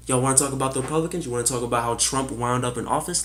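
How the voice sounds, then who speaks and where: A man giving a heated political opinion monologue, casual and sarcastic, swearing and firing off rhetorical questions, swinging from loud outbursts to low muttering. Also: very fast, hardly any pauses, echoey room. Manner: casual, swears, says y'all. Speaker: political commentator.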